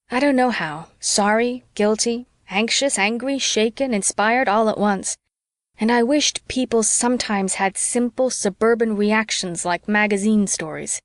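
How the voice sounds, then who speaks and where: A woman reading a novel aloud as a steady first-person audiobook narrator. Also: mid-range voice, dry recording, studio quality.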